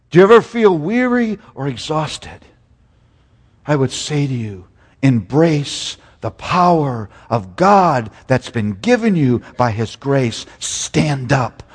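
A man preaching a sermon, swinging between loud emphatic peaks and hushed low lines. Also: breathy edge, long reverb tail.

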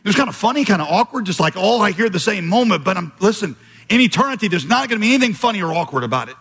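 A man's voice: high-pitched, expressive, fast, a bit bright. A man preaching a sermon as pastor, telling stories with quoted voices and emphatic turns. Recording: long hall reverb, slightly husky.

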